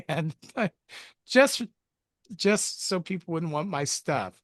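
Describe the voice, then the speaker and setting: In a slow but animated voice on the high side, a male film review co-host rambles through a plot recap, cracking jokes and mocking himself in casual chat. The clean studio recording has no room sound.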